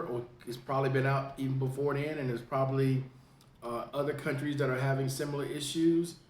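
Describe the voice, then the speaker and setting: A man who hosts a veterans information podcast, from the United States, giving a casual spoken update in a plain, unhurried way with many fillers. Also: mid-range voice, echoey room. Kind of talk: casual straight-to-camera update.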